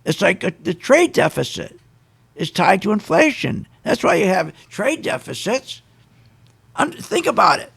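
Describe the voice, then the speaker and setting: A man's voice: high voice, sing-song, unhurried, creaky, fairly bright tone, breathy edge. A man hosting a radio show, delivering an opinionated, ranting monologue full of sarcastic asides.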